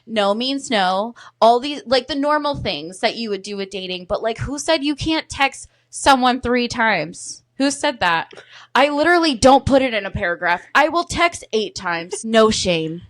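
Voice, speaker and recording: A woman in her thirties chatting casually as a podcast guest, telling frank, animated stories with plenty of swearing. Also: on the high side, normal speed. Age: 30s. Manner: candid, animated storytelling, heavy swearing. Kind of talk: casual chat.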